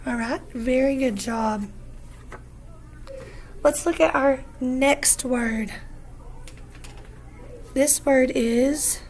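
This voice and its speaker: Woman, teacher, phonics lesson, encouraging, repeats words, unhurried. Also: sits high, darkish tone. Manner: slow, patient, encouraging, repeats words aloud. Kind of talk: phonics lesson for young students.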